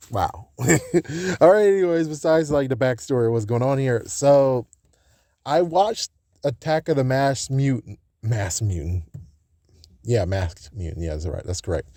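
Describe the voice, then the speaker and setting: A man hosting a casual fan vlog. He rambles, corrects himself and swears freely, and his voice jumps high and loud when he rants. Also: dry recording, clean studio sound. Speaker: fan channel host.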